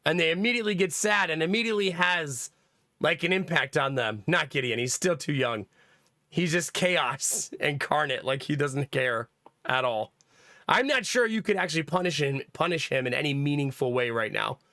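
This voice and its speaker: A man's voice: fairly high pitch, animated, moderate pace, bright, forceful tone, no echo, studio quality. A young man hosting a livestream, chatting casually to his viewers, rambling from topic to topic and laughing often. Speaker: livestream host. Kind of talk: casual stream chat.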